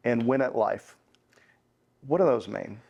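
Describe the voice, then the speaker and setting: Podcast host, male, mid-range voice, measured questioner. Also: medium pitch, expressive, gravelly, breathy edge, dull audio. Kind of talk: interview questions.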